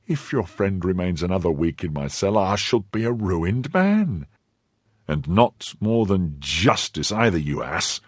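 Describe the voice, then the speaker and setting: A man's voice: deep voice, big pitch swings, measured pace, dry recording, clean studio sound, heavily acted. A man doing a plaintive, anxious innkeeper. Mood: complaining. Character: anxious middle-aged male innkeeper, complaining.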